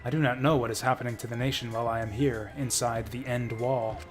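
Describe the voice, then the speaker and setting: A man's voice: medium pitch, fairly even intonation, quick pace, music in the background, natural voice. A man reading as a formal duty-bound maid. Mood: earnest. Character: composed young woman maid, duty-bound.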